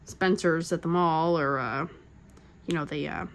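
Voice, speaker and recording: Her voice is low and a little slow, with slight background noise, as this middle-aged crafting host chats away. She rambles through stories full of "like" fillers and laughs frequently.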